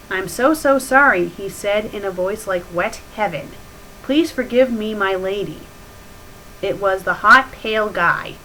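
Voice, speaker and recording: A woman with a bright, tense voice reads a story aloud in a deadpan tone, then snaps into mocking, exasperated commentary. She plays the sarcastic host of a critique show. A faint hiss sits under the recording. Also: medium pitch, measured pace, low-quality recording. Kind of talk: sarcastic dramatic reading with commentary.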